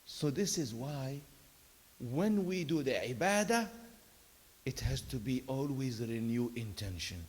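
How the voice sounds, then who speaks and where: A man giving a Friday sermon as an imam. He talks conversationally, with loud emphatic bursts and soft storytelling asides. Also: mid-range voice, expressive, a little slow. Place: mosque prayer hall. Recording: long reverb of a large hall.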